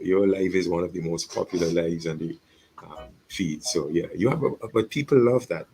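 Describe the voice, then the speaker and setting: A man's voice: low-pitched, gravelly, a little hiss or hum, poor audio. A man who is a pastor, speaking earnestly on a radio show, reflecting aloud and repeating his words as he publicly apologizes. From St Vincent and the Grenadines. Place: radio studio.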